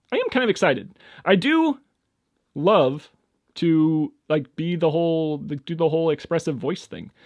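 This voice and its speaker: A young man hosting a casual solo podcast, rambling and hesitant, full of fillers and restarts, with sudden high-pitched bursts. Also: darkish tone, no echo, dull audio. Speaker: podcast host.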